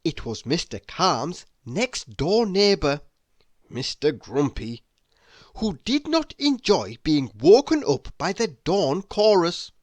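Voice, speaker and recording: A man reading a children's picture book aloud in a slow, expressive storytelling voice. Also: on the high side, no echo. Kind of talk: children's read-aloud narration.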